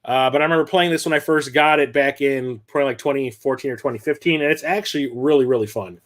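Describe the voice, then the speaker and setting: A man hosting a casual livestream, rambling and correcting himself as he talks, quick to laugh. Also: mid-range voice. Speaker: livestream host. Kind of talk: casual livestream chat about his game collection.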